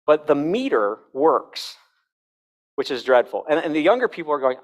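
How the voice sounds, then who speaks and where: A man's voice: a little high, very animated, normal speed. A middle-aged man giving a conference talk to a Christian audience in a conversational, humorous lecturing manner with self-deprecating asides. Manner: demonstrates tones of voice and sings examples aloud. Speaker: conference speaker.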